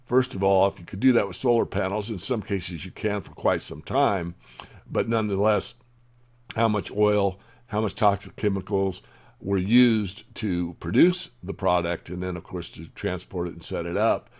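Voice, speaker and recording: A man's voice: low-pitched, steady tone, normal speed, a little mellow. A man hosting a newsletter video, reading news headlines aloud and adding his own opinionated asides. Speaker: newsletter host.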